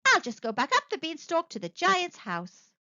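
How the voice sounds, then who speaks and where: A woman's voice: very high voice, wildly swooping pitch, normal speed, sharp tone, no room sound, dull audio, voice pushed up, heavily acted. A woman voicing Jack, a bold and eager young boy in a storybook.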